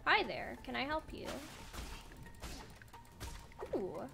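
A young woman with a very high, lively voice, chattering through a let's play. She swears freely and talks straight to the characters on screen, with game music playing clearly behind her. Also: slow pace. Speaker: gaming video creator.

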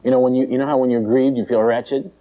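A male preacher giving a conversational, animated sermon and acting out the characters in the story. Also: medium pitch, fast, narrow, tinny audio.

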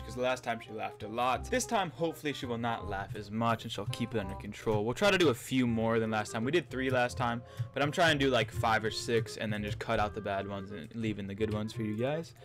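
A young man, chatty and upbeat, talks straight to his viewers as a gaming video host. His pitch sits in a middling range, and faint music plays behind him. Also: fairly bright tone. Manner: upbeat, chatty, quick direct address to viewers. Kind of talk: casual gaming vlog commentary.

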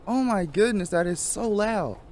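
Jumpy high-voiced man playing a horror game. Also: animated, moderate pace, a little hiss or hum. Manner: nervous, jumpy reactions. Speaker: gaming YouTuber. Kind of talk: horror game let's play commentary. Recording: loud game music behind. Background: game music.

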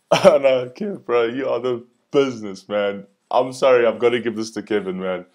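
A man hosting a reaction video, often laughing and breaking into excited exclamations. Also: medium pitch, a little slow. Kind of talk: reaction commentary.

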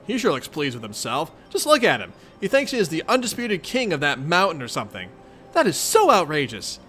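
A man's voice: fairly high pitch, huge pitch swings, a little fast, a bit bright, a little hiss or hum. A man voicing a laid-back teenage boy hero who talks in a casual, offhand, sarcastic way.

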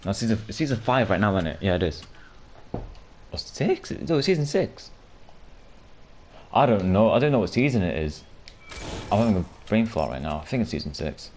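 A man giving casual, rambling commentary over his own gameplay, swearing often and breaking into loud shouts and laughter. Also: deep voice, lively intonation, quick pace, a little hiss or hum. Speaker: gaming video creator.

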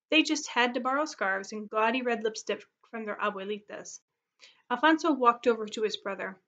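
Woman teacher reading aloud, story read-aloud, fairly high voice, muffled lo-fi audio. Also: a bit bright.

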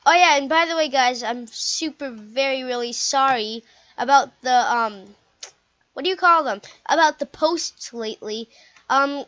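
Young female streamer, high-pitched and unhurried, chatty and exclaiming, recorded on a muffled home mic. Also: fairly bright tone. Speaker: gameplay commentator. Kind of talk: casual game commentary.

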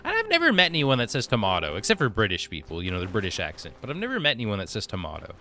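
With a lowish voice whose pitch swoops wildly, the American gaming streamer races through viewer comments, his delivery pushed and bright. He chats back casually while soft background music runs.

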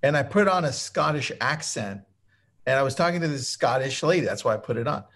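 A man's voice: mid-range voice, lively intonation, brisk, a bit bright. A man co-hosting a webinar in casual chat, upbeat and enthusiastic as he tells stories. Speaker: webinar co-host.

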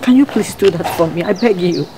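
A woman's voice: on the low side, a little fast, background noise, close to an everyday voice. A woman with a Ghanaian accent playing a married woman begging a persistent man to leave her alone, in a web drama. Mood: pleading. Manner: pleading, exasperated.

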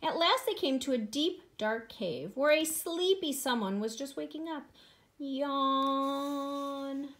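A woman, a preschool teacher, reading a picture book aloud to young children in an expressive, sing-song way. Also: high voice, normal speed, few pauses.

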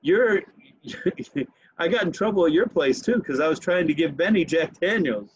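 Man, podcast host, casual anecdote, laughing as he tells it, slightly high pitch. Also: moderate pace, breathy edge, no echo, dull audio. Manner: animated, laughs while telling stories. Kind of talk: casual storytelling chat.

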